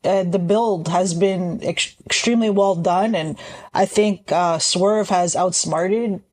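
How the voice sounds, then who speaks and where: A woman's voice: fairly low pitch, slow pace, darkish tone. Woman co-host giving wrestling predictions. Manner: thoughtful, hesitant with fillers. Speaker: podcast co-host. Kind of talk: casual chat.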